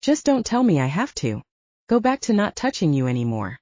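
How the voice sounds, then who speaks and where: A woman voicing a soft-spoken young woman lover. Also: fairly low pitch, big pitch swings, fairly quick, no room sound, highs cut off. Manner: soft, breathy. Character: young woman musician, guarded but tender.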